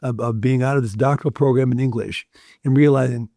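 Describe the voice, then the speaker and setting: Podcast guest, a man with a mellow, dark voice, thoughtful and halting with repeated words. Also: mid-range voice, steady tone, creaky, dry recording, studio quality. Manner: thoughtful, stammering repetitions. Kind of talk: reflective conversational talk.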